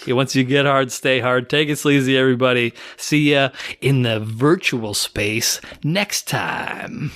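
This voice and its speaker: A man's voice: mid-range voice, measured pace, hardly any pauses, fairly bright tone. A young adult man hosting a podcast in casual chat, joking, laughing often and swearing freely. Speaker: podcast host.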